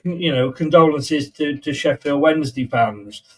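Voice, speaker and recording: A man with an English accent co-hosting a football chat, blunt and full of banter, often halting. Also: a little high, a bit bright. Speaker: co-host. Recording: distant from the mic.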